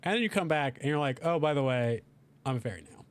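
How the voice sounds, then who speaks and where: A young man giving casual, animated commentary while playing a life-sim game, talking to his characters and voicing their reactions. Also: mid-range voice, quick pace, clear, resonant tone. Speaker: gaming video creator.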